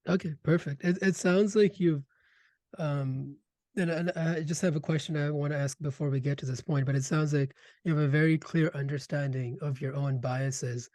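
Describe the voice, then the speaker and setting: A man hosting an interview, asking questions in an eager, animated way. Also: on the high side, normal speed, no room sound. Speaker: podcast host. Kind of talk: conversational interview.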